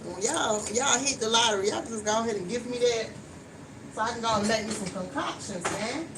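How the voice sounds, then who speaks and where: A woman's voice: fairly high pitch, brisk, a loud crowd. A woman chatting frankly to viewers while she cooks in her home kitchen. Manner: chatty, frank, talks straight to viewers, swears casually. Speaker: vlogger. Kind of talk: casual chat while cooking. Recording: distant mic with steady background noise.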